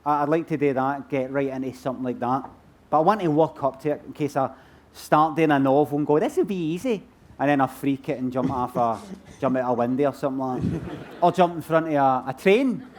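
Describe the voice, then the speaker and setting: This man speaks at a medium pitch and a brisk clip, with slight noise in the background. He's a Glaswegian comedian guesting at a book festival, fielding questions from the audience onstage in a meandering, self-deprecating way.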